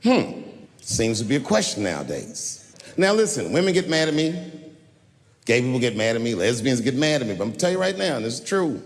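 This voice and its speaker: Male stand-up comic, lively swinging pitch, profane, big reverberant venue with faint room ambience. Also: fairly quick. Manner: animated, profane, jumps between voices. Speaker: stand-up comedian. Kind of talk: stand-up comedy routine.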